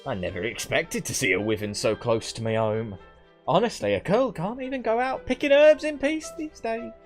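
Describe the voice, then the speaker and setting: Man voicing a motherly old country grandma, West Country accent, sing-song, chatty, lively pitch. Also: normal speed, faint music behind. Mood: cheery fussing. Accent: West Country English. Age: older.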